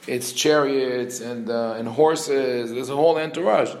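Animated male teacher in a roomy space. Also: mid-range voice, unhurried. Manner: animated, acts out quoted speech; frequent restarts and self-corrections. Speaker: religious teacher. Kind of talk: explanatory teaching talk. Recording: roomy echo.

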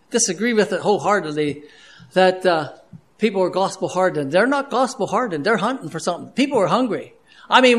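A man with a notably high voice preaching a sermon. He talks in an earnest, conversational way, stopping and restarting often, and drops to a hushed tone when he tells personal stories.

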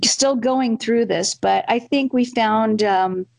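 Woman in her 30s on a video call from her home office, dry close sound, warm chatty reactions. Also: a little high, takes it slowly, vocal fry, dry recording. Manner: warm, reacts with gasps and exclamations. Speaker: mother. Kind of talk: casual chat among family.

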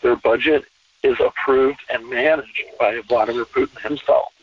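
A man talking as a podcast guest in a relaxed conversational interview, emphatic and repeating phrases to drive points home. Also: mid-range voice, moderate pace, husky, dry recording. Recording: distant, tinny phone-line sound.

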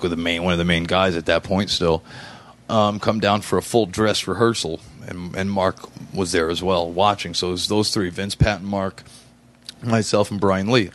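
A man in his forties telling a story in casual chat, rambling with fillers and restarts. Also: low voice. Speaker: podcast guest.

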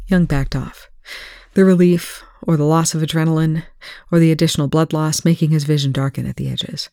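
A reader doing a proofreading read-aloud of a fiction chapter in a steady, plain narration, on a close home mic. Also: medium pitch, a little fast, no echo.

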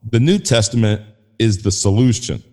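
A man voicing an older Southern man with a gentle teaching tone and a Southern accent. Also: lowish voice, normal speed, big-room sound, natural voice. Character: kindly older Southern male mentor.

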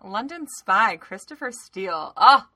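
A young woman co-hosting a casual political chat podcast, animated and sarcastic, swearing freely and laughing often. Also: medium pitch, measured pace. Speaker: podcast co-host.

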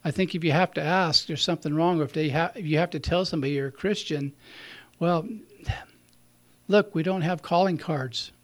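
A man's voice: fairly high pitch, fairly quick. A man giving a conversational sermon, telling stories and laughing at his own slips. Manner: conversational, warm storytelling, chuckles at himself. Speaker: preacher.

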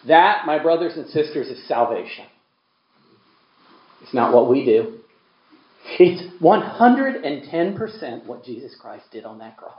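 A man preaching a sermon as pastor, emphatic, swinging from quiet asides to loud peaks. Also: fairly high pitch, big pitch swings, moderate pace, roomy sound, dull audio.

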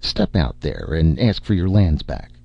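A man voicing a blunt, scornful barbarian warrior with a husky growl, in a dull lo-fi recording. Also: a bass voice, very animated, measured pace, a little mellow, no echo, exaggerated voice. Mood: gruff, dry. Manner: dry, curt, mocking.

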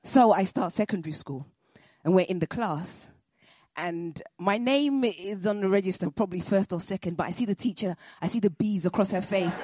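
A woman telling a personal story to an audience, animated and comic with laughing asides. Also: medium pitch, husky, dry recording, clean studio sound.

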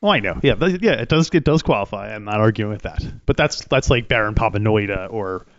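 A man's voice: lowish voice, lively intonation, fairly quick, no echo, dull audio. A man co-hosting a casual podcast, asking questions and chatting along. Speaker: podcast co-host. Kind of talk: casual chat.

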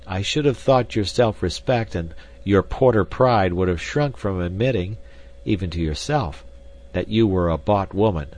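Guy narrator doing a smug rich suitor, low husky voice, cold and sneering. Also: moderate pace, darkish tone. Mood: cold mocking. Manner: cold, mocking. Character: arrogant wealthy man courting a young woman.

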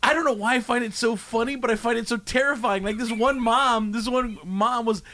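A man's voice: very high voice, fairly even intonation, fairly quick, bright, forceful tone. A man hosting a radio show, chatting casually and telling rambling stories with lots of giggles. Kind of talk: casual on-air chat.

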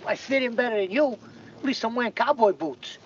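An actor playing a brash, cocky city man out of his element, trading fast wisecracks, heard in a dull film soundtrack with loud outdoor noise. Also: very high-pitched. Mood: wisecracking.

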